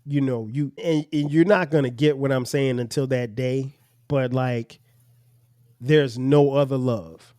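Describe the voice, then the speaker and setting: A man's voice: mid-range voice, steady tone, a little slow, dark tone, dry recording, clean studio sound. A middle-aged man hosting a podcast, talking earnestly as a father about raising his children, with frequent restarts. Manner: earnest, storytelling with acted examples, many restarts. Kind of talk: reflective family conversation.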